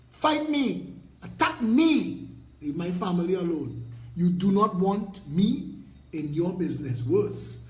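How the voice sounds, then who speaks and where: Combative high-voiced Trinidadian man ranting. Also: reverberant, poor audio. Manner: combative, preachy, mocking. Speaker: political party leader. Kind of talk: impassioned video rant.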